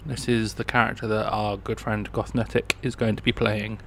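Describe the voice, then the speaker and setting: A man's voice: fairly low pitch, level tone, normal speed, creaky, a bit bright, slight background noise. A man hosting a stream, chatting casually with teasing asides. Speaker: stream host. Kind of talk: casual reaction chat. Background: music.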